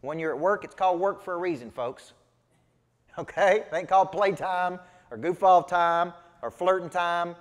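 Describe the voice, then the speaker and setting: A man's voice: high voice, moderate pace, in a large hall. A man with a Southern US accent, coaching a live seminar audience in an emphatic, folksy way full of rhetorical questions. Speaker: business coach. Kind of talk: motivational seminar teaching.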